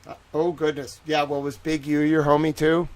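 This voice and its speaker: A man's voice: fairly high pitch, little pitch movement, moderate pace, heavy background noise. A man hosting a livestream, talking in a casual, rambling way with joking, self-mocking asides. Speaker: livestream host.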